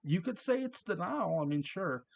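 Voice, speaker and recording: A man's voice: sits high, animated, moderate pace, gravelly. A man casually recapping a TV episode, chatty and laughing often, quoting lines in passing. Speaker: show reviewer.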